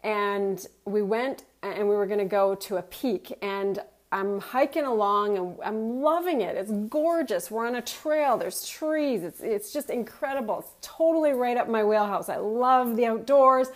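A woman's voice: medium pitch, unhurried. A middle-aged woman, a motivational speaker, telling a personal story and acting out her own thoughts. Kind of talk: personal story told to an audience.

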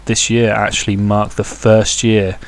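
A man's voice: on the low side, little pitch movement, unhurried. A man hosting a podcast on his own, rambling casually with many hesitations and crude, jokey asides. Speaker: podcast host. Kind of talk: casual solo podcast chat.

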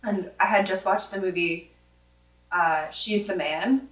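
A woman's voice: mid-range voice, unhurried. A young woman chatting as a podcast guest, telling stories with lots of fillers. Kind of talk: casual chat. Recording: roomy echo, heard from a distance.

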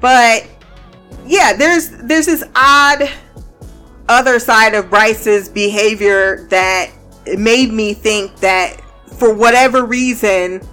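A woman's voice: fairly high pitch, fairly even intonation, slow pace, pushed and bright, soft background music. A woman giving a casual, blunt and profane recap of a TV show, often breaking into laughter. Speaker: TV show reviewer.

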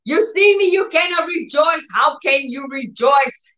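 A woman voicing a disease as a taunting figure that shouts, in a high, mocking voice. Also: expressive, measured pace, lo-fi sound. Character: a screaming, taunting disease personified as a voice.

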